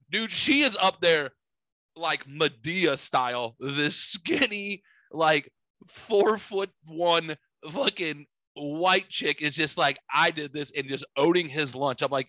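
A man in his forties tells stories on a podcast with a bright, forceful voice. He swears freely and acts out everyone he quotes. The sound is dry and close. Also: on the high side, slow pace, no echo. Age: 40s. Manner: profane, animated storyteller acting out quotes. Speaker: podcast co-host. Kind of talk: casual storytelling chat.

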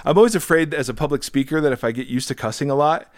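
A man co-hosting a faith podcast in casual chat, telling stories in a rambling, animated way with many restarts. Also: a little high, fast talker, no echo, clean studio sound. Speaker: podcast co-host and public speaker.

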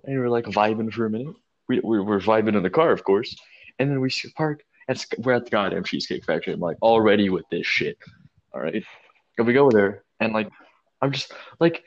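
A man co-hosting a podcast, telling a long story in a casual, animated and profane way. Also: lowish voice, a little fast, dull audio. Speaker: podcast co-host.

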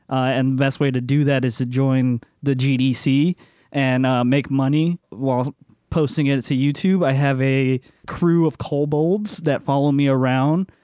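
Smooth-voiced rambling man. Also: mid-range voice, fairly even intonation, moderate pace, mellow, no echo, clean studio sound. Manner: rambling, with many fillers and laughs. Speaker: tabletop game player. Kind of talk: casual chat introducing a character.

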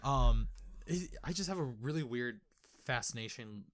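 A man from Wisconsin talks eagerly on a podcast, restarting his sentences as his thoughts run ahead. His voice sits at a middle pitch. The recording is close and dry. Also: expressive, normal speed, fairly bright tone, no echo. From Wisconsin, USA. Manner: eager, stumbling restarts, playful. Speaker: podcast co-host. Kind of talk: casual podcast chat.

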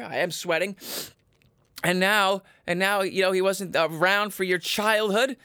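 A man hosting a comedic podcast, giving mock-motivational advice in a profane, ranting way that jumps into sudden squeaky jabs. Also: steady tone, measured pace, pushed and bright, clear, resonant tone, dry recording, studio quality. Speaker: podcast host.

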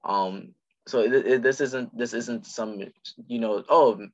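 A man with a Jamaican accent, talking things through in a measured, explanatory way during a casual discussion. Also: mid-range voice. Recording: dull lo-fi recording.

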